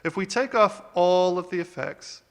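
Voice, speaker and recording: Upbeat bright-voiced man explaining music. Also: high-pitched, expressive, normal speed, vocal fry, big-room sound. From Australia. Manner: upbeat, rambling with fillers. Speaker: music producer, channel host. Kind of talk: casual video walkthrough.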